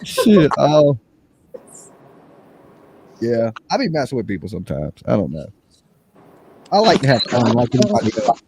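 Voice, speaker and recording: A man hosting a casual livestream chat, slangy and animated, mimicking other people's voices as he talks. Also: mid-range voice, normal speed, pauses often. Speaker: livestream host. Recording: faint background noise.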